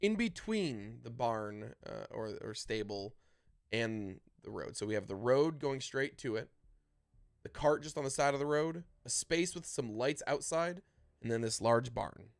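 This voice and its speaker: A man runs a tabletop game as dungeon master, painting each scene aloud with lively jumps in loudness. His mid-pitched voice sounds dry and close to the mic. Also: a little slow, gravelly, no room sound. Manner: descriptive, lively swings in loudness.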